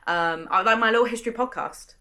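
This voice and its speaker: A woman's voice: fairly high pitch, fast talker, sharp tone. A young British woman vlogging casually about her work week as a bookseller, chatty and enthusiastic, her sentences running on. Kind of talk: casual vlog narration. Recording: staticky audio.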